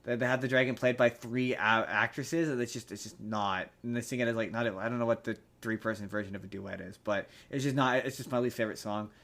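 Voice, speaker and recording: A man in the middle of a loose podcast conversation, voice sitting at an ordinary pitch. He rambles along, restarting his sentences and filling the gaps with ums as he goes. Easygoing and unscripted. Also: fairly even intonation, quick pace, hardly any pauses, fairly bright tone. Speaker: podcast co-host. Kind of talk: casual chat.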